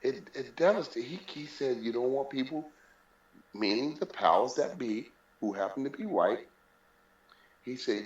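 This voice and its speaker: A man's voice: mid-range voice, sing-song, moderate pace. A man speaking as an interview guest about his life, telling it candidly and with emphasis, often repeating key phrases. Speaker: interview guest, boxing figure. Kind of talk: candid personal storytelling. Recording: roomy, dull lo-fi sound.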